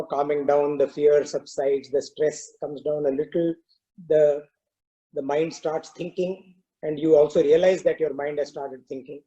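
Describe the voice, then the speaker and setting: A man with a fairly high voice and a dark, mellow tone tells a spiritual parable. He speaks in a measured, reflective manner, often pausing with "you know". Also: dull audio. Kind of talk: spiritual storytelling talk.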